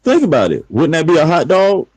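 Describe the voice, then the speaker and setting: A man's voice: on the high side, huge pitch swings, brisk, darkish tone, breathy edge, no echo, faint music behind. A man in casual chat, making skeptical remarks about food.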